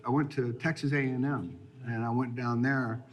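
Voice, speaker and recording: A man's voice: medium pitch, fairly even intonation, moderate pace, dull audio, slight background noise. Man in his fifties, rambling storyteller. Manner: rambling, laughing as he tells stories, many restarts. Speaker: guest, former college football player. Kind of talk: casual storytelling in an interview.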